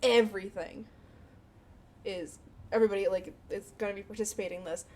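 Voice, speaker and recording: A woman co-hosting a casual podcast, telling stories in a giggly, animated way. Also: medium pitch, fairly quick. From Chicago area. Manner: giggly, animated storyteller who acts out coworkers' voices. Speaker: podcast co-host. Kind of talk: casual chat.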